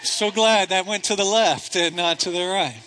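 Pastor, male, high-pitched voice, animated conversational sermon delivery, lots of "right?", in a church with long reverb. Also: normal speed. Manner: animated, conversational preaching with rhetorical questions. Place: church sanctuary. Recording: reverberant hall.

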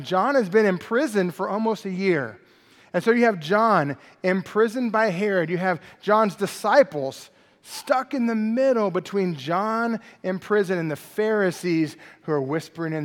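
High voiced man preaching, chatty, keeps asking right?, long echo in a church. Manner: conversational, animated preaching with frequent "right?" asides. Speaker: pastor. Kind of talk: expository sermon.

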